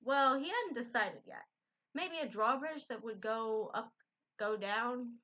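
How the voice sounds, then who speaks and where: Brief: woman storybook reader, gentle and casual, fairly high, bright, dull lo-fi audio. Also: takes it slowly. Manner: gentle, unpolished, self-correcting. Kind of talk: reading a children's book aloud. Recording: dull lo-fi recording.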